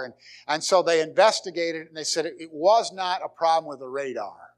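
A man preaching a sermon as pastor, his voice sitting a touch high. He swings between loud, emphatic lines and near whispers. He often restarts phrases and repeats words as he goes.

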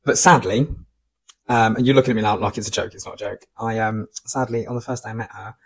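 A man's voice: fairly low pitch, fairly even intonation, fast talker. A man, co-hosting a local podcast in a chatty, rambling, playful way. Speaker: podcast co-host. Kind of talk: casual chat and mock news reading.

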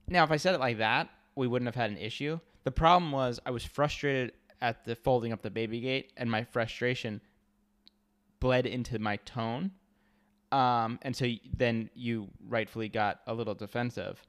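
A young adult man co-hosting a podcast in casual chat, laying out his points calmly and laughing often. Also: medium pitch, normal speed. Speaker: podcast co-host.

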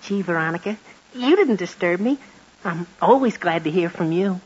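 A woman's voice: lowish voice, animated, normal speed, a little mellow, slightly rough, highs cut off. A performer voicing an earnest, eager teenage boy in 1940s radio sitcom acting. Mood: smitten. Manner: earnest, gee-whiz eagerness. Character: eager, clumsy teenage boy, son of the house. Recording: noisy scratchy 1940s radio recording.

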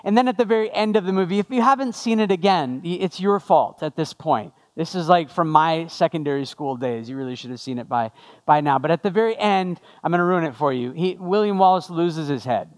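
A man's voice: high voice, lively intonation, fairly quick. A male pastor giving a sermon after an opening prayer, conversational with jokey asides to the congregation.

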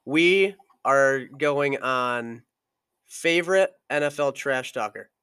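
A man hosting a podcast, telling sports stories with animated energy. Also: mid-range voice, slow, smooth, no echo, studio quality. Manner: animated storyteller, mimics players. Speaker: podcast host. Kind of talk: casual sports chat.

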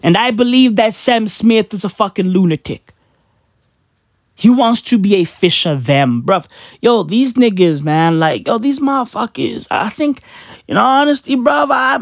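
A woman's voice: on the high side, expressive, moderate pace, dry recording, studio quality. A woman ranting on a podcast in casual, profane, slangy talk, emphatic and mocking.

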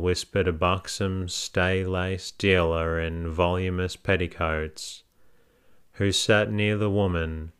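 Deep, slow male audiobook narrator. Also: clean tone. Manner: measured, even storytelling. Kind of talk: scripted narration of a classic novel.

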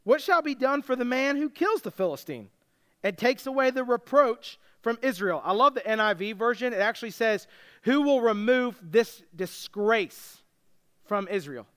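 A man preaching a sermon, retelling a story with lively, casual character voices. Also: very high voice, moderate pace. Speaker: pastor.

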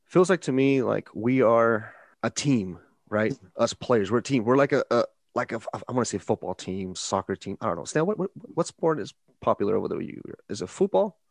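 A man's voice: mid-range voice, normal speed, no room sound. A man hosting a casual gaming podcast chat, rambling and restarting his words as he talks. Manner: rambling, repeats and restarts words, animated emphasis. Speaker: podcast host.

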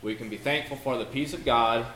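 Preacher, male, mid-pitched, homespun sermon delivery, roomy echo, noisy background. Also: brisk, fairly bright tone. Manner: folksy, storytelling delivery with prayers and verses. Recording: echoey room with noise.

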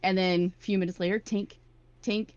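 A woman telling a story in casual chat, chatty and animated. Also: mid-range voice, a little fast. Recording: dull lo-fi recording.

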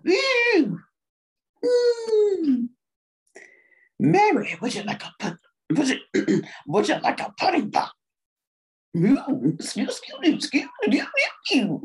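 A scratchy, whooping man's voice, as a woman puts him on for laughs. The delivery is lively and swoops up and down, broad and hammy. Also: high voice, slow, long pauses, voice pushed up, full character voice. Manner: over-the-top, whooping. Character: man's comic impression, raspy voice.

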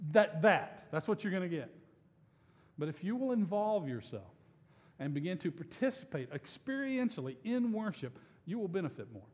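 A man's voice: high-pitched, a little mellow, in a large hall. A male pastor giving a conversational, joking sermon that coaxes his congregation to join in. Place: church sanctuary.

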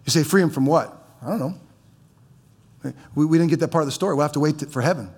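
A man's voice: on the high side, quick pace, darkish tone, breathy edge. A man preaching as a pastor in a church, conversational, with stammering restarts and teasing humor. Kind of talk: sermon.

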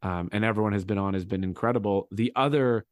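A man hosting a casual podcast, walking his listeners through a TV challenge moment by moment. He talks in a rambling, animated way, piling on detail as he goes. The sound is dry and close. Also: fairly low pitch, fast, no room sound. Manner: rambling, animated play-by-play retelling.

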